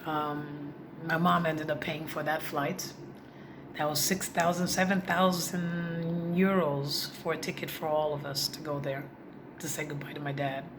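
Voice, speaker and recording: A woman's voice: deep voice, little pitch movement, unhurried. A woman vlogger telling a personal story in a heartfelt, confiding way, speaking directly to her viewers. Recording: noisy background.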